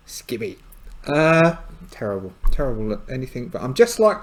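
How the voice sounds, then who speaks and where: A man's voice: medium pitch, animated, fairly quick, slight background noise. A man narrating a solo tabletop game, rambling and hesitant with many fillers and side remarks.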